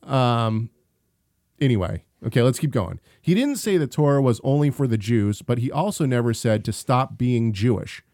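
Animated man telling stories, dry sound. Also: mid-range voice, moderate pace, no room sound. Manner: animated storyteller, frequent restarts and laughs. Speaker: podcast co-host. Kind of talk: casual chat.

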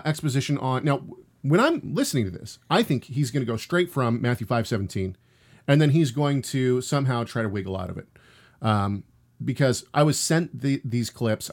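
A mid-pitched male host talks casually through a video clip, often stopping to restart a thought. His delivery is plain and conversational. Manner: hesitant, many restarts and fillers.

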